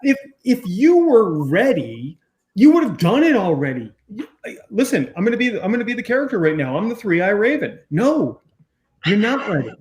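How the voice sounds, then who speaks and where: A man in his thirties co-hosting a casual chat, telling stories with emphatic, animated delivery. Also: high voice, a little fast. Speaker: co-host.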